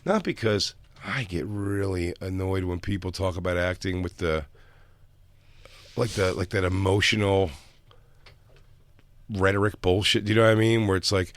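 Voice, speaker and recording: A man's voice: low voice, fairly even intonation, normal speed, no room sound. A young man co-hosting a podcast in casual, crude comedic chat, often joking. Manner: crude, joking, breaks into silly voices. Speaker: podcast co-host.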